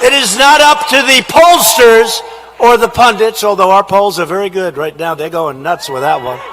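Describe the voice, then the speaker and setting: Man, rally speech, shouted, emphatic repetition, tense bright tone, podium mic, large indoor hall. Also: high-pitched, normal speed, a little hiss or hum. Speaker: politician at a rally.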